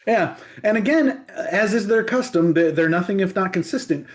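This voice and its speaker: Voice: mid-range voice, expressive, moderate pace. A podcast host casually retelling history, chatty and digressive with many asides.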